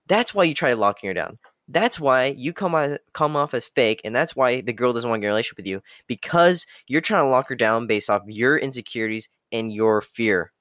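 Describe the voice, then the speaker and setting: Young man, blunt swearing rant, middle-pitched, dry close sound. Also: fairly bright tone, no echo. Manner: blunt, swearing, repeats "okay" and "hard truth". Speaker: self-improvement talker. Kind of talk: profane motivational rant.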